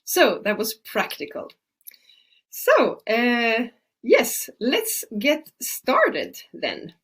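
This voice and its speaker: A woman's voice: on the high side, huge pitch swings, drawn-out words, a bit bright, husky. A middle-aged woman from Sweden, a native Swedish speaker, hosting a webinar as an Ayurvedic practitioner, chatty with many fillers. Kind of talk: casual webinar talk.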